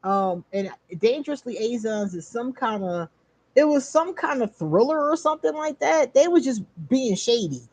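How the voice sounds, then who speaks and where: A woman, hosting a casual live stream where she reads cards for viewers, animated and quick to laugh. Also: fairly high pitch, no echo. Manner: animated, laughs often, drawn-out emphasis. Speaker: host doing card readings for viewers.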